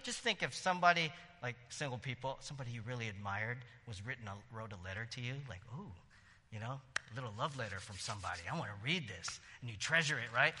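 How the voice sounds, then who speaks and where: Animated man preaching in a hall. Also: medium pitch, a little fast. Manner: conversational, animated preaching with frequent "right?" asides and laughs. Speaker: pastor. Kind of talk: sermon.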